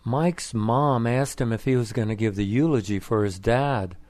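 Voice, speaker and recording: A man narrating a story for English learners in an even, plain reading manner. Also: mid-range voice, normal speed, no echo.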